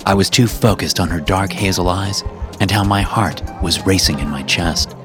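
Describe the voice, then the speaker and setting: A man narrating a first-person horror story for his podcast in a steady, measured way. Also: deep voice, over music.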